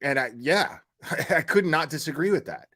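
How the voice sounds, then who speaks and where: Man, slightly high voice, casual stream commentary, blunt, exasperated, fillers and restarts. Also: animated, normal speed, a bit bright. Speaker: YouTube commentary host.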